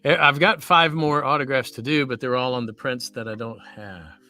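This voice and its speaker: A bright, forward-voiced man with a Southern US accent chats casually on a livestream. He rambles easily from one story to the next as a voice actor talking shop. Faint music plays underneath. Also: medium pitch, moderate pace. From Louisiana, US.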